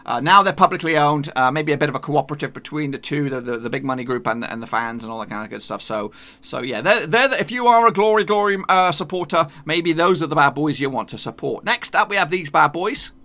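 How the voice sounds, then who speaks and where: A man's voice: a little high, fast, sharp tone. A man hosting a football channel, talking in a chatty, jokey way with plenty of slang. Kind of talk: casual football vlog.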